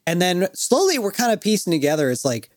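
A man co-hosting a podcast, telling a story in a casual, animated way and laughing often. His pitch moves a lot, and the close mic gives a dry, roomless sound. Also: brisk, no echo. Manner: animated, laughing, full of fillers. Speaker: podcast co-host.

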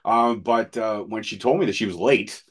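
A man's voice: lowish voice, moderate pace, husky. A man in his thirties, a podcast co-host, telling personal stories in candid, profane, casual chat. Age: 30s.

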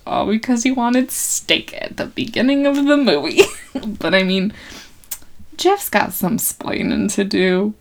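A young woman casually recapping an old film, chatty and slangy, laughing often and acting out quotes in quick voices. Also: medium pitch.

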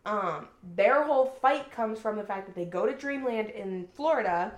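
A young woman co-hosting a podcast who recaps a book in casual chat. She is an animated storyteller who swears freely and says "like" often. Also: medium pitch, normal speed. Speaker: podcast co-host. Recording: roomy echo.

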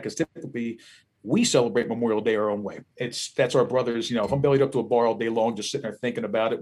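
A Philadelphia-accented man appears as a musician guest on a casual podcast, telling animated, profane stories. His voice sits in the mid-range and has a slightly rough edge.

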